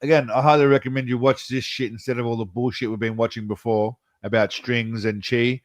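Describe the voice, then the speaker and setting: A man's voice: mid-range voice, steady tone, brisk, dry recording. A man streaming live, reacting to a video with loose, joking commentary and casual swearing, greeting viewers as he goes.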